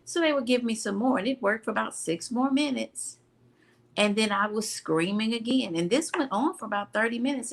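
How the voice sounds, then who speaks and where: A woman's voice: mid-range voice, vocal fry, fairly bright tone. A woman co-hosting a talk show, telling a personal story in an earnest, emotional way. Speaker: co-host. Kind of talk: casual talk show chat.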